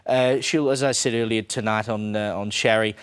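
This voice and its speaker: A man's voice: fairly low pitch, steady tone, moderate pace, clean tone. An Australian man hosting a political commentary show. He talks conversationally with frequent fillers and offers firm opinions.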